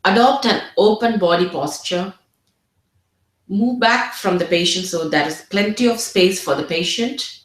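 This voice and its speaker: A woman teaching in an earnest, steady way, restarting and repeating words as she works through her points. Her voice sits in a middling range and carries a noticeable roomy echo. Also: mid-range voice. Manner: earnest, repeats words, models empathetic phrases. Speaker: medical exam tutor. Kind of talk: teaching presentation.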